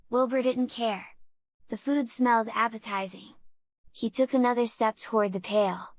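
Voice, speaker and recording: A woman narrating a children's audiobook in a measured, unhurried way. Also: on the high side, fairly even intonation, dry recording.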